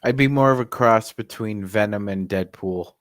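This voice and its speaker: A man's voice: on the low side, moderate pace, dry recording, clean studio sound. A man co-hosting a casual chat, talking about films in an enthusiastic, analytical way. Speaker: co-host.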